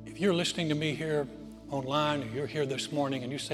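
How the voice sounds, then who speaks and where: A male pastor preaching a sermon in a church auditorium, telling stories earnestly and dropping to soft, quiet phrases. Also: a little high, fairly even intonation. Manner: earnest storytelling with dramatic pauses, softening to near-whisper. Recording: reverberant hall with music behind.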